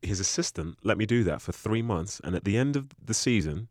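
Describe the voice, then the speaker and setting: A young man with a deep voice, telling stories about his football days in a relaxed, chatty way on a podcast mic. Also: fairly quick, no room sound, clean studio sound. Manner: relaxed anecdotal, often quoting with a low voice. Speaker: former footballer guest. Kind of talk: casual storytelling chat.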